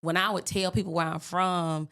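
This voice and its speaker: A woman from Birmingham, Alabama, with a mild Southern accent, telling stories as a podcast guest in a lively, animated way. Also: on the low side, clear, resonant tone. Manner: animated storyteller, lively and quick to laugh. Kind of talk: casual interview chat.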